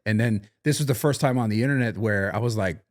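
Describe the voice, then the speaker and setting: A man's voice: lowish voice, quick pace. A young man hosting a podcast, speaking in an earnest, reflective way with lots of "like" fillers in casual chat. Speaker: podcast host.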